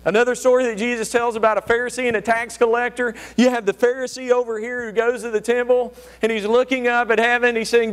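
A man's voice: fairly even intonation, a little fast, few pauses, fairly bright tone. A man preaching a sermon who slips into whiny, self-righteous voices for the people he describes. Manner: acts out whiny self-righteous voices, rising high when mimicking.

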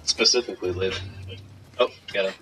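A man's voice: low voice, steady tone, moderate pace, pushed and bright, faint music behind, rough recording. A young man co-hosting a let's play, joking and reacting to the game as he plays. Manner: joking banter, reacts to gameplay. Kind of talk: casual gaming commentary.

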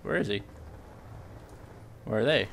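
A young man giving live gameplay commentary as a video host, excitable and yelping at sudden action. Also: fairly low pitch, a little slow, gravelly, noisy background.

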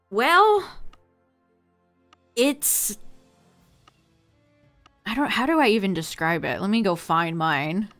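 A woman's voice: mid-range voice, a bit bright. A woman streaming a game and chatting casually with her viewers, laughing often. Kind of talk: casual live-stream chat.

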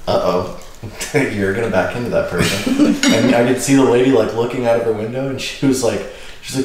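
A man's voice: medium pitch, huge pitch swings, fairly quick. A young man vlogging in casual chat with friends, telling jokey stories, laughing often and swearing. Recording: very echoey room with background noise.

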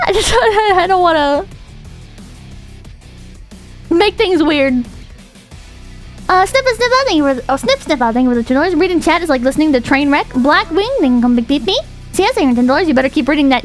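Very high-pitched woman streamer, lively. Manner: joking, swears casually. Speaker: virtual streamer. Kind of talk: casual live-stream chat reading.

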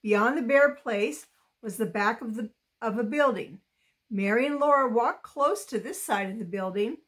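A woman reading a children's novel aloud chapter by chapter, slow and careful with expressive touches. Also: a little high. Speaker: storybook reader.

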